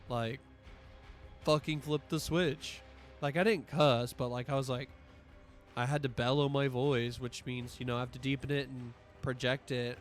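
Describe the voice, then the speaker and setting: Rambling, profane man streamer. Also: mid-range voice. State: voice strained from allergies. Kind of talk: casual stream chat.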